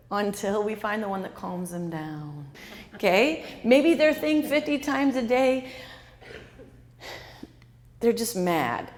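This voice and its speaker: A woman's voice: medium pitch, a little mellow, long reverb tail, slight background noise. A woman author giving an interactive talk to a live audience, quizzing the listeners and repeating their answers back. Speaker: author and speaker.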